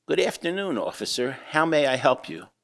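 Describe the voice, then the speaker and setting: A man's voice: a little high, sing-song, normal speed, creaky, a bit bright, voice pushed up, full character voice. A man playing a polite, formal male engineer who speaks very courteously, within a humorous anecdote.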